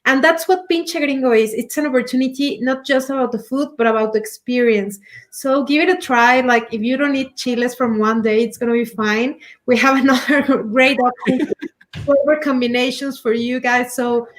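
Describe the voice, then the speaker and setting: High-voiced, enthusiastic businesswoman on a talk show. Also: fairly even intonation, normal speed. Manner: enthusiastic, teasing, laughs often. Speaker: commercial director, guest on talk show. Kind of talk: casual talk show banter and promotion.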